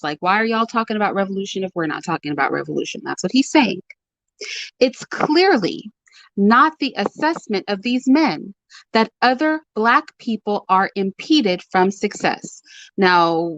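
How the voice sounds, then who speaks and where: A woman's voice: mid-range voice, expressive, normal speed, fairly bright tone, dry recording, muffled recording. A woman, hosting her own commentary channel and speaking to her audience with emphatic, repeated warnings. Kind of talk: direct-to-camera commentary.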